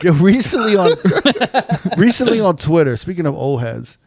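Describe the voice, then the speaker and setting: A man's voice: high-pitched, very animated, normal speed, darkish tone. A man co-hosting a podcast, telling stories in a rambling, profane way full of fillers. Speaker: podcast co-host, DJ. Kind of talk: casual chat.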